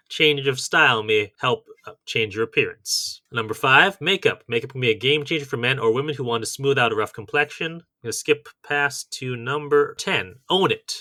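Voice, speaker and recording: A man's voice: mid-range voice, pushed and bright, no room sound. A man co-hosting a podcast in casual chat, methodically reading out a list of tips and adding his own comments. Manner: methodical, reads out lists of tips. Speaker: podcast co-host.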